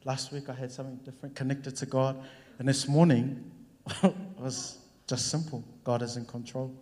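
A man's voice: medium pitch, normal speed, slight background noise. A young man casually sharing a testimony from the front of a church, acting out conversations as he tells them. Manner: storytelling, acting out conversations with lively voices. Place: church hall. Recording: long hall reverb.

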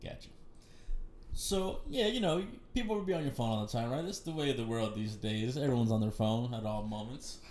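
A man's voice: medium pitch, brisk, a little mellow. A young man co-hosting a casual podcast, joking and swearing, a little sick. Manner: joking, swearing, laughs often. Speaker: podcast co-host. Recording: echoey room.

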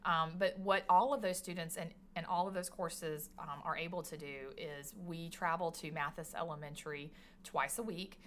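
A woman's voice: on the low side, steady tone, moderate pace, a little hiss or hum. A woman teacher talking about her career tech classes in a chatty, enthusiastic podcast conversation. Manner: chatty and enthusiastic, many restarts.

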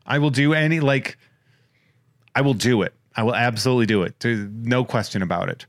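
A man in a mid-pitched voice trades jokes on a podcast and rattles off listener shout-outs. The sound is close and dry, with no room around it. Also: brisk, no echo. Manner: jokey, rambling, reads listener shout-outs. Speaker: podcast host. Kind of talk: casual comedic podcast chat.

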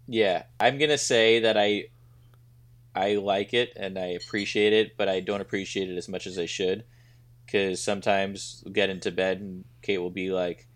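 Man, podcast co-host, low voice, dry joking manner, casual chat. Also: flat delivery, moderate pace, fairly bright tone.

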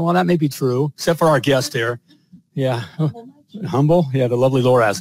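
A man's voice: on the high side, brisk, a little mellow, no room sound, low-quality recording. Hyped, boastful man hosting a podcast. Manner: boastful, hyped, repetitive fillers. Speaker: podcast host. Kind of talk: energetic podcast hosting with sponsor read.

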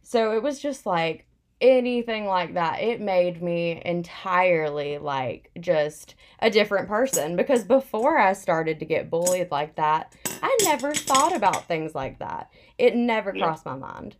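A woman's voice: lowish voice, animated, unhurried, a little hiss or hum. A young woman in casual chat, telling a personal story candidly with plenty of "like" fillers.

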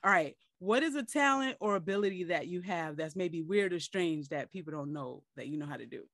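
A woman hosting a podcast, telling embarrassing stories in an animated, self-deprecating way. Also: fairly low pitch, fairly quick, dry recording, studio quality. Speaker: podcast host. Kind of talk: casual chat.

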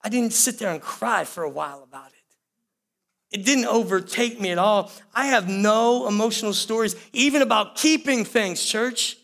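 Man, high voice, pastor, sermon, conversational, repeats himself. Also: normal speed, vocal fry, a bit bright. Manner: conversational, repetitive, addresses the congregation directly.

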